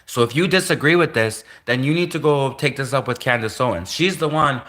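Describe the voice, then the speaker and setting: Bright-voiced Canadian man rambling live. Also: mid-range voice, a little fast. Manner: repetitive, laughing often, casual filler-heavy. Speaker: livestream host.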